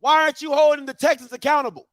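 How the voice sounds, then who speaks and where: High-voiced man ranting emphatically. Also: fairly even intonation, very fast, very noisy. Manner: emphatic, repeating rhetorical questions to viewers; preacher-like call-and-response cadence. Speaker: commentary show host. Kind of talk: heated commentary rant.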